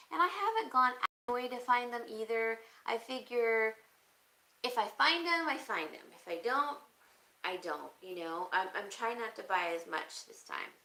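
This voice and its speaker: A woman with a bright, clear tone chats casually on a live stream. She reads viewer comments aloud and thinks out loud, often pausing with an easy "um, let's see.". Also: mid-range voice, low-quality recording. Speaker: crafting channel host.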